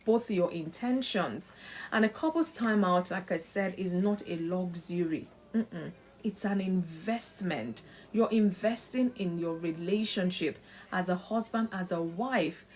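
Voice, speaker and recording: Female host, lively, preachy and chatty, slips into family voices. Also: mid-range voice. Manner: animated, acts out quoted family voices. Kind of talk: live-stream marriage talk.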